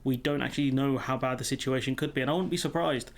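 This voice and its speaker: A man's voice: medium pitch, fast. A man giving casual commentary on a news story, reading bits out and talking it through with lots of "you know" and "um". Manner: conversational, many fillers like "you know" and "um". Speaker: political commentator.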